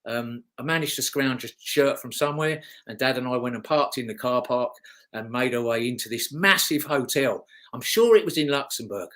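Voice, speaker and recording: As an interview guest, this middle-aged ex-motocross racer spins chatty, rambling anecdotes, restarting himself and chuckling. His voice is medium-pitched and a bit bright, at a moderate pace.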